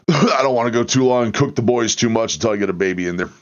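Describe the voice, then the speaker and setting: A man's voice: mid-range voice, quick pace. A man hosting a livestream, chatting casually and reacting to viewers as he talks. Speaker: livestream host. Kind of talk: casual chat. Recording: lo-fi stream audio.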